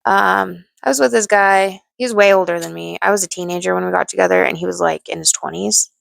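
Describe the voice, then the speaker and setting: A woman's voice: lowish voice, fairly even intonation, quick pace, no room sound. A young woman telling her own story to camera in a blunt, candid way, swearing freely and restarting her sentences. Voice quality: gravelly vocal fry. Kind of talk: personal storytime monologue.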